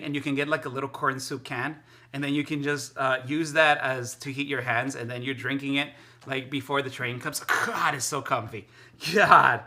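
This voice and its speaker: Excitable rambling man, sharp bright voice. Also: medium pitch. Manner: excitable, rambling, repeats himself. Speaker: live streamer. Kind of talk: casual chat while cooking on stream. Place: home kitchen.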